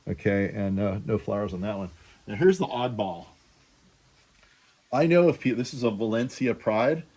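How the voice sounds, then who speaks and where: A man's voice: on the low side, a little mellow. A man giving a casual walk-through of his balcony plants, chatty and self-deprecating, thinking aloud with fillers. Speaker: plant grower showing his balcony mango trees. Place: outdoors on a balcony.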